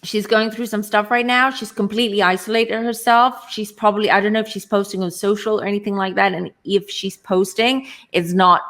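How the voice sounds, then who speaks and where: A woman's voice: mid-range voice, fairly even intonation, fairly quick, hardly any pauses, a bit bright. A woman reading tarot cards as a guest, musing aloud and searching for her words. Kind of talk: casual tarot reading chat.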